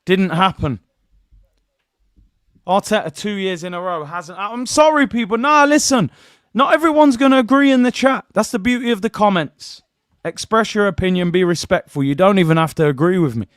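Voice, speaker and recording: High-voiced exasperated man ranting. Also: normal speed. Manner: animated, exasperated rant addressing viewers as people. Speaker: football channel host. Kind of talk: live stream talk to chat.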